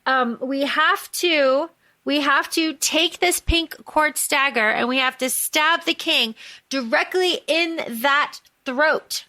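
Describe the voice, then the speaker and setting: A woman co-hosting a book podcast, recapping the plot in casual chat, animated and swearing freely. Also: sits high, slow. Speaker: podcast co-host.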